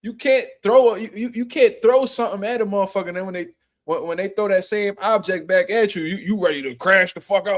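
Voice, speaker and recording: This boxing show host talks fast in a high-sitting voice. He runs a laid-back stream, reading viewer chat and riffing with crude street slang and mocking impressions.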